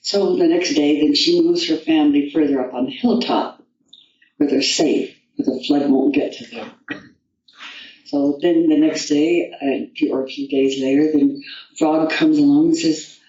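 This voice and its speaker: A woman's voice: sits low, fairly even intonation, measured pace, dark tone. Woman storyteller, distant and echoey. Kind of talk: told folktale and personal anecdote. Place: festival venue. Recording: dull distant echoey room recording.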